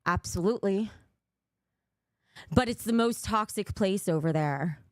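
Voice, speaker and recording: A woman's voice: medium pitch, unhurried, no echo, studio quality. Blunt, profane woman livestreamer. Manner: blunt and profane, reads out donations. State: out of breath. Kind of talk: casual livestream chat.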